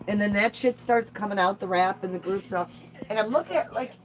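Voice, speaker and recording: A woman's voice: mid-range voice, fairly quick, poor audio. A woman from the American Midwest chatting candidly as a co-host, blunt and profane. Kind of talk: casual chat.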